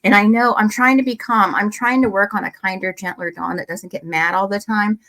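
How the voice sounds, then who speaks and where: A woman's voice: medium pitch, fairly even intonation, a little fast, sharp tone. Blunt angry woman commenting on crime. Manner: angry, blunt, swearing, talks to viewers. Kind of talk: casual commentary reading emails. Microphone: desk microphone close by.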